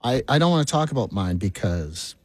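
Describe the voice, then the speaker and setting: A man hosting a radio show, reacting quickly and getting easily flustered in casual chat. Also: fairly low pitch, big pitch swings, dry recording. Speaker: radio host.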